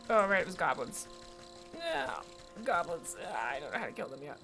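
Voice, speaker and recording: A woman streamer chats casually to herself and her viewers while playing a game, with game music behind her. Her voice is deep and sing-song, and she talks at a quick pace.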